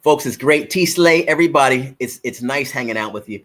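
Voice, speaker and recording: A man's voice: mid-range voice, fairly quick, a bit bright. A middle-aged man hosting a casual live stream, joking and talking straight to his viewers as folks. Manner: playful, joking, talks directly to viewers as folks.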